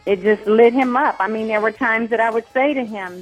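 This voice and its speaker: A woman calling in to a radio show speaks softly and emotionally, often pausing to search for words. Her pitch is middling. Faint music sits under the call. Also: husky, rough recording. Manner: soft, moved, searching for words. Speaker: caller, widow. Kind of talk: emotional phone-in tribute.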